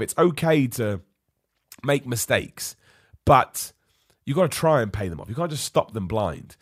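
A man's voice: medium pitch, expressive, moderate pace, slightly rough, no room sound, studio quality. A man hosting a live wrestling podcast, opinionated and ranty, ill and losing his voice. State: ill, voice going. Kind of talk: live-streamed podcast rant.

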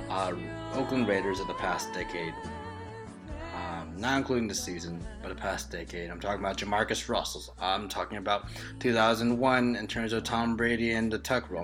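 Male podcast host, lowish voice, playful teasing banter, faint music underneath. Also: a bit bright. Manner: playful, teasing, mock-dramatic. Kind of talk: casual sports chat.

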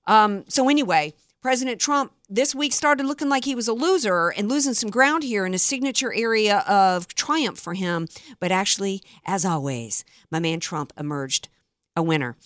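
A woman's voice: mid-range voice, expressive, normal speed, a bit bright, dry recording, clean studio sound. Sarcastic woman talk radio host. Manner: sarcastic, indignant, mocking. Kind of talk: opinionated political talk radio monologue. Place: radio studio. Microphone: close studio mic.

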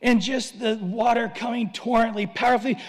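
A man's voice: very high voice, steady tone, fairly quick. A man preaching a sermon, telling vivid stories with dramatic swings and humorous asides. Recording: long hall reverb.

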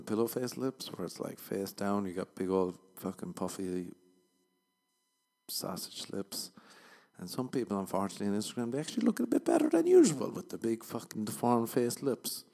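A man's voice: on the low side, wildly swooping pitch, moderate pace, gravelly, dark tone. A man hosting a podcast, rambling through a comedic monologue full of swearing and self-mocking jokes. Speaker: podcast host.

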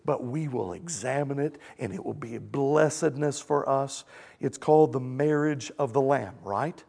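A man preaching a sermon, emphatic and animated, swinging between loud exclamations and soft, earnest asides. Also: medium pitch, moderate pace, creaky. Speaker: pastor.

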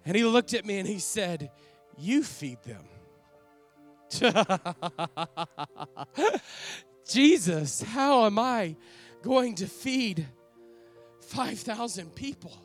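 Heavily acted and slow, this high, animated male voice plays an older apostle who once fished for a living, awestruck and earnest in a dramatic first-person monologue. Soft music underlies his reverent, emotional delivery, which dwells on sighed exclamations.

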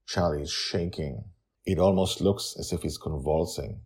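A man hosting and narrating his own fantasy story podcast in an animated, expressive storytelling style. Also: extremely low pitch, normal speed.

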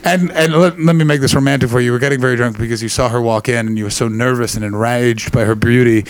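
A man's voice: mid-range voice, steady tone, quick pace. Brash profane man doing stand-up. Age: late 20s. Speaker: stand-up comedian. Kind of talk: stand-up crowd work.

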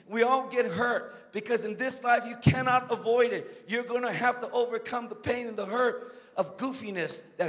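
A man's voice: extremely high pitch, fairly bright tone, in a large hall. A man preaching a sermon as a guest speaker, emphatic and calling out to the congregation.

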